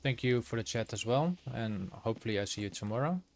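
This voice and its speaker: Streaming a video game, a man chats easily with his viewers as he plays, his mid-range voice expressive and quick. Game music plays under his voice in this casual live-stream chat.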